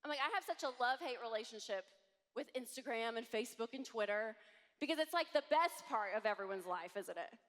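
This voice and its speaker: A woman in her thirties giving an animated conference talk to a live audience, acting out voices as she tells stories. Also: fairly high pitch, brisk. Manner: animated, acts out quoted voices. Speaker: conference speaker. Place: large hall with audience. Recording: long hall reverb.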